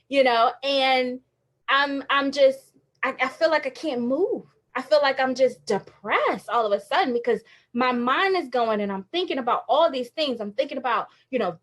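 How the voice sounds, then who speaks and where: A woman's voice: sits high, fairly bright tone. A woman in her thirties giving a candid, emotional inspirational talk on a phone livestream, often laughing as she confides. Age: 30s. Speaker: faith livestream speaker.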